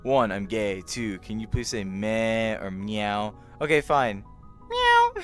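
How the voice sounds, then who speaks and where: A man's voice: slow pace, faint music behind. A young man casually chatting on a live stream, greeting viewers by name in a friendly, playful way. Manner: friendly, greets chat by name, playful meowing in a high squeak.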